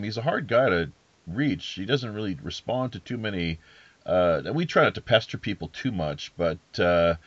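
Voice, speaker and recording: A man's voice: on the low side, expressive, moderate pace, breathy edge, dry recording, highs cut off. A man hosting a podcast interview, talking casually in a rambling, hesitant way with many fillers and restarts. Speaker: podcast host.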